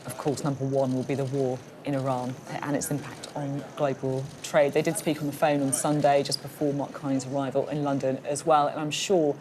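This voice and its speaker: A woman's voice: very deep voice, flat delivery, brisk, few pauses, background noise. A woman presenting breakfast television news in a studio, conversational with frequent fillers.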